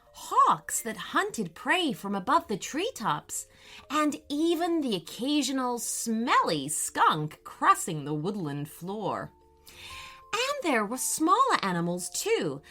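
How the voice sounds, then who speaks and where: Slow, lilting bedtime storyteller woman. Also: a little high. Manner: gentle, expressive. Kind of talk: children's bedtime story narration.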